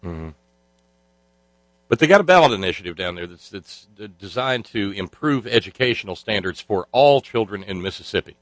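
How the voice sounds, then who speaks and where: A man's voice: on the low side, expressive, moderate pace, a bit bright, dry recording, rough recording. A man hosting a talk show, delivering sarcastic political commentary in a rambling way full of filler sounds. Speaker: radio talk show host.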